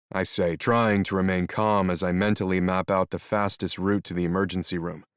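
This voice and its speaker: A man reading a first-person audiobook narration in a steady, measured way. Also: low-pitched, clean tone, dry recording, studio quality.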